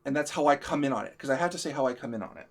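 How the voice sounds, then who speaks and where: A man's voice: mid-range voice, animated, very fast, creaky. A man hosting a live stream, venting in a heated, profane, emphatic rant. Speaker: show host. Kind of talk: ranting live-stream chat.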